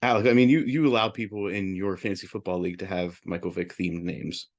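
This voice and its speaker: A man with a fairly low voice co-hosts a sports betting podcast. He runs through his picks in quick, upbeat bursts in a casual chatty tone. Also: steady tone, dull audio. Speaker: podcast co-host reading betting results.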